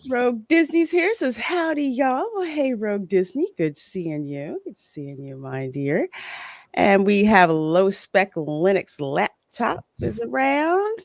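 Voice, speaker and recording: A woman's voice: medium pitch, unhurried, gravelly, no echo, studio quality. A woman hosting a casual livestream, greeting viewers and reading out their chat comments. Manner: warm greetings, animated. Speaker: host.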